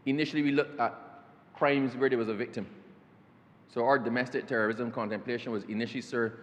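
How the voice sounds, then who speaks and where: A man, a government minister, delivers a formal speech in parliament. His voice sits at an ordinary middle pitch, and he keeps turning to the chair with a respectful "sir." A long reverb from the debating chamber trails behind every phrase. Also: steady tone, moderate pace, long pauses, muffled recording.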